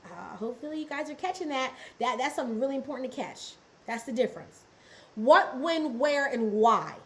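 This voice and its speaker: A woman's voice: sits high, animated, fairly quick, a bit bright, low-quality recording. A woman teaching a business and ministry lesson on a livestream, repeating key phrases and asking viewers to answer in the chat. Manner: repetitive, call-and-response with the chat. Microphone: livestream setup.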